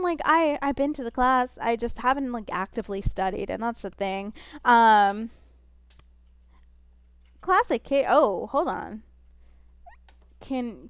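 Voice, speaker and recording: Chatty woman streamer with a smooth voice. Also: fairly high pitch, dry recording. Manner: rambling, laughing, self-deprecating. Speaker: livestreamer and student. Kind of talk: casual stream chat.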